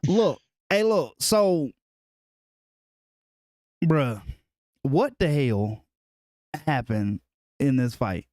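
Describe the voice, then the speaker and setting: Animated, joking man with a lively voice. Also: medium pitch, very slow, pauses often, dry recording, studio quality. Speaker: podcast co-host. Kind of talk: casual sports chat.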